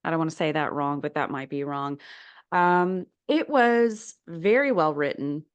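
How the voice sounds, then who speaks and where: A woman's voice: sits low, lively intonation, a little slow, clear, resonant tone, no room sound, highs cut off. A woman co-hosting a podcast in casual chat, hesitant with many ums and restarts. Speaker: podcast co-host.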